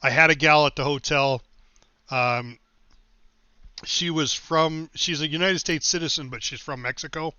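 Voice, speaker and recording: A man's voice: on the high side, a little slow, pushed and bright, clean tone, dry recording, muffled recording. A middle-aged man streaming a game, telling long personal stories in a casual, rambling way and thanking his followers. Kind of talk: casual storytelling while livestreaming.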